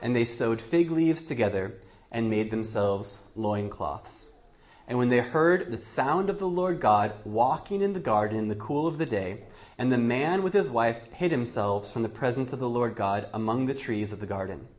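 A man's voice: medium pitch, expressive, moderate pace, darkish tone. A male preacher giving a Bible teaching sermon, thinking aloud with frequent restarts. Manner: thoughtful, with frequent restarts and fillers.

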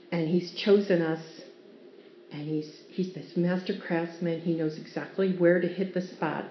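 With a lowish voice, a woman teaches from the Bible in an earnest, devotional way, telling stories and occasionally laughing mid-explanation. Slight background noise and faint ambience come through the roomy, dull lo-fi sound.

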